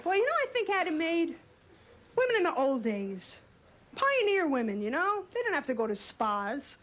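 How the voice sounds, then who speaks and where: A young woman performing a stand-up comedy routine, delivering wry, quick punchlines. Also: sits high, very animated, a bit bright. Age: young adult. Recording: club stage mic over a laughing crowd.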